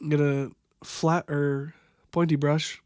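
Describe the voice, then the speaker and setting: A man's voice: fairly high pitch, flat delivery, darkish tone, clear, resonant tone, dry recording, clean studio sound. Young man ad-libbing a tutorial voiceover. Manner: halting, unscripted, stumbles over product names; wry, amused at the footage. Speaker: voiceover narrator. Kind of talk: improvised makeup tutorial voiceover.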